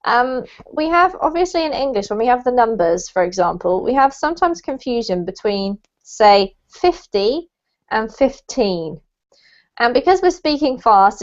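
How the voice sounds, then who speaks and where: A woman's voice: on the high side, lively intonation, moderate pace. Female English tutor, encouraging, explains patiently, muffled call sound. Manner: encouraging, explains pronunciation step by step. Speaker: English teacher. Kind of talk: online group lesson. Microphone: video call. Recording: dull lo-fi video call audio.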